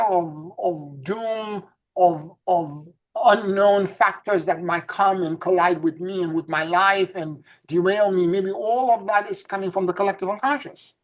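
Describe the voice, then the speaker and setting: A woman co-hosting a casual spiritual discussion, telling stories with many stammered restarts. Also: medium pitch. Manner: stammering restarts, animated storytelling.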